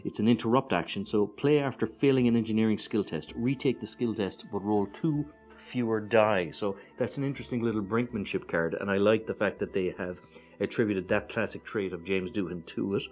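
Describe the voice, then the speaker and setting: An Irish man casually walking through a board game's cards one by one, relaxed and hesitant, with many fillers and chatty asides. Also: on the low side, a little fast, faint music behind. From Ireland. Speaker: board game reviewer. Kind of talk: casual card-by-card walkthrough.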